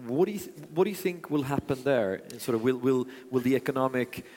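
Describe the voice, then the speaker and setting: A quick-talking male host interviewing on stage, whose questions wander and restart. His voice has an average pitch and the long reverb of a large hall. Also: expressive, a little mellow, slight background noise.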